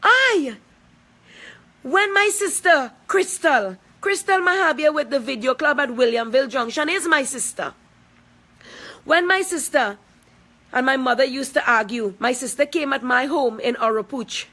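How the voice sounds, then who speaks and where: A woman in her forties records a heated personal video, talking in a high, sharp, bright voice. She is confrontational and emphatic, driving each point home by repeating it. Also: lively intonation, normal speed. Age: 40s. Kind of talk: angry personal video statement.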